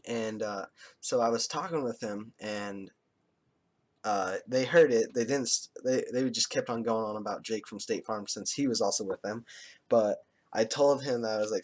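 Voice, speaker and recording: A man's voice: lowish voice, normal speed. Crude, rambling young vlogger man. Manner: crude, joking, full of swearing. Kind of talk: rambling casual storytelling.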